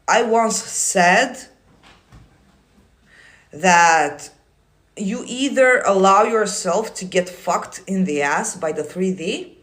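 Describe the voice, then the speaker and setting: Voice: medium pitch, a bit bright. A manifestation coach on a casual livestream, reading viewer comments aloud and answering them in a blunt, swearing, teasing way.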